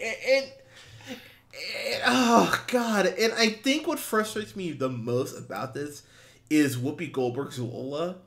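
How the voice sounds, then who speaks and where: A man co-hosting a movie podcast, talking in a casual, exasperated way with lots of swearing and restarts. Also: a bit bright. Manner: acts out quotes in high mocking voices. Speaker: podcast co-host, film reviewer. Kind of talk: casual chat.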